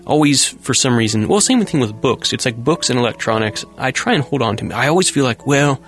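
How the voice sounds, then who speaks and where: A man's voice: mid-range voice, lively intonation, fairly quick, a bit bright, faint music behind. A man hosting a talk show, commenting casually on news items with a rambling, self-correcting manner and frequent chuckles. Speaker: host.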